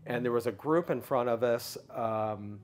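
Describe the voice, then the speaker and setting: Middle-aged man telling an animated story. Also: a little slow, slight background noise. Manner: animated storyteller, acts out others' lines in a raised pitch. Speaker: guest speaker. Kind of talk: storytelling in a casual interview.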